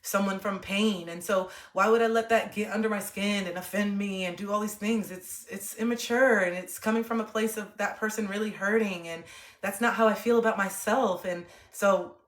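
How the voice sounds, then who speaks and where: A young woman livestreamer talking to her chat in a calm, earnest, open way. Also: mid-range voice, moderate pace. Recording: roomy echo.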